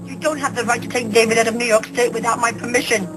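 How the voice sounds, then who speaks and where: An actress playing a desperate mother on the phone, frantic and pleading, at times crying and shouting. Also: a little high, fairly even intonation, fast talker, music in the background, close to an everyday voice, poor audio. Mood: demanding. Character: desperate mother whose son was taken. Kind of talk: TV movie drama acting.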